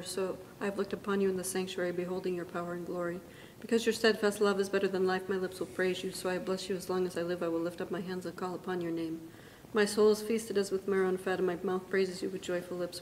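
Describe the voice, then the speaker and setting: Woman reading psalms quickly and evenly. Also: mid-range voice. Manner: brisk, even liturgical recitation. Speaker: liturgical reader. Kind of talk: reciting psalms at a church service. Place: church. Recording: long church reverb with faint background noise.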